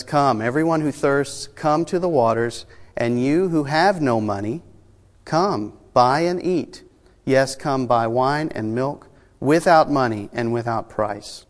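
A man delivers a sermon in an even, mid-range voice, measured and deliberate. He pauses often, fills gaps with a soft "uh", and slows right down to press home key words. His voice rings out with a long reverb, as in a church sanctuary. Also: mid-range voice. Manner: measured preaching with pauses and fillers, slowing for emphasis. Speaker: pastor.

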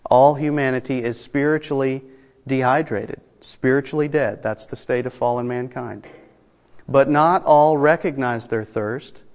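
A man preaching a sermon as pastor, measured and deliberate, with pauses and fillers, slowing down to stress key words. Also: mid-range voice. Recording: hall with long reverb.

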